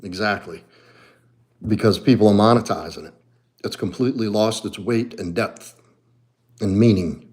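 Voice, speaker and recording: A middle-aged man with a New Orleans accent, chatting casually on a livestream as a martial arts coach, blunt and profane, dropping to low mutters and rising to animated bursts. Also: normal speed, long pauses. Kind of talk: casual livestream chat reading comments.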